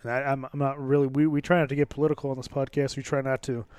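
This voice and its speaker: A man's voice: medium pitch, level tone, fast talker, a little mellow, smooth, dry recording. A man hosting a podcast, talking casually with a lot of swearing and rambling. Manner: profane, rambling. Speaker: podcast host.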